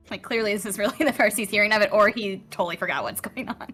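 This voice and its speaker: A woman's voice: mid-range voice, quick pace, hardly any pauses, fairly bright tone, slightly rough, soft background music. A woman game master narrating a tabletop game in a chatty, amused way.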